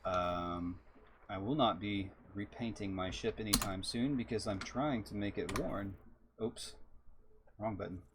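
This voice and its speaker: A man's voice: lowish voice, measured pace, noisy background. A man from Texas, chatting and musing as he streams a space game live. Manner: musing, chatty, reads out chat. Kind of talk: live gameplay commentary.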